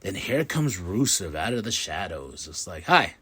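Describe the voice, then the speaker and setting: A man hosting a podcast, giving a casual, excitable recap and acting out quotes in quick voices. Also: low voice, husky. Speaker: podcast host.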